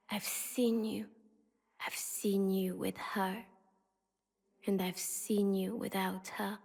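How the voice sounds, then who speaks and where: The spirit of a city in a whispered role-play, breathy and hushed, speaking slowly and evenly. Her voice trails into a long, hall-like reverb. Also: mid-range voice, heavily acted. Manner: slow, hushed and intimate. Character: whispering spirit of a city, female, intimate, devoted.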